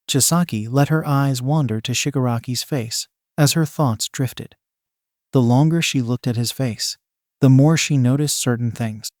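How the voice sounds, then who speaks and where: A man narrating a fan fiction story in a steady, even reading voice. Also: medium pitch, moderate pace, no room sound, clean studio sound.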